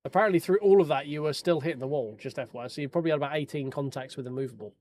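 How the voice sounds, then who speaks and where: Joking man, fairly high voice. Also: rapid-fire, a little mellow. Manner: joking, sweary banter with viewers. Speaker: sim racing streamer. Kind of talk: casual live-stream chat while reviewing race replays.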